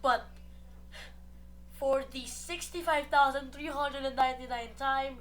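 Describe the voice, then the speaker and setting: Super high-pitched girl calling races, goes from mumbling to yelling, slow delivery. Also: steady tone, a little hiss or hum. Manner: swings from muttering asides to shouted play-by-play. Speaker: race commentator. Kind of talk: excitable sim-racing commentary.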